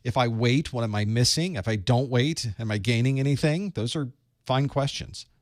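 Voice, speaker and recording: A man's voice: medium pitch, moderate pace, dry recording, studio quality. A man from the Southern United States with a Southern US accent, chatting casually with viewers before a live certification study session as its instructor and host. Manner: chatty and folksy, greeting viewers by place. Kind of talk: casual livestream pre-show chat.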